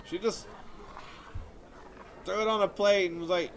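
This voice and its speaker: A man performs a self-pitying comedy monologue on stage to a live crowd, his storytelling whiny. His voice sits high with fairly even intonation, and he takes his time, pausing often. A faint crowd can be heard, along with audience laughter and background noise.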